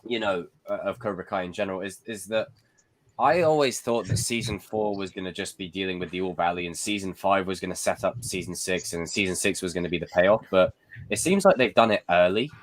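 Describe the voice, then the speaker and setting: Man, low register, relaxed podcast co-host. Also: fairly quick, no echo. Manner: laid-back, thinks aloud with ums. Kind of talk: casual chat.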